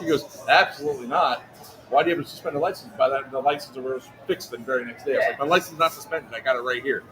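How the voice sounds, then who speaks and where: Fast-talking man telling a rowdy story. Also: mid-range voice, crowd noise. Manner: fast, animated, swearing anecdote teller. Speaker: livestream co-host. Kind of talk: casual storytelling. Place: outdoor airsoft event. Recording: noisy event ambience.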